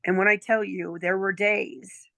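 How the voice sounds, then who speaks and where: A woman's voice: mid-range voice, level tone, unhurried, creaky, a bit bright, no echo. A woman in her sixties, a former nurse, telling a chatty story as a client testimonial, often checking in with "okay?" and "right?". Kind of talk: casual storytelling chat.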